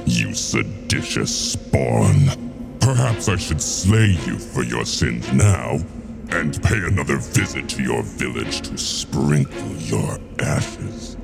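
A man voicing a huge menacing winged bone dragon, threatening and slow, over background music. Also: rumbling low, big pitch swings, gravelly, pitched below the performer's own voice, full character voice. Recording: music playing behind.

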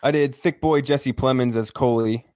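A man's voice: medium pitch, steady tone, moderate pace, a little mellow, a little hiss or hum. A man co-hosting a casual movie podcast, loose and joking as he rattles off casting picks. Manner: joking, loose, trails off with fillers. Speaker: podcast co-host.

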